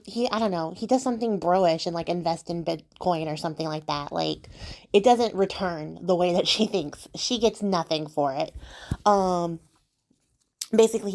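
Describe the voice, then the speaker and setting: A young woman hosting her own channel, retelling a fairy tale in a chatty, sarcastic, filler-heavy way. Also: on the low side. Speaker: channel host, storyteller. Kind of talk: casual storytelling.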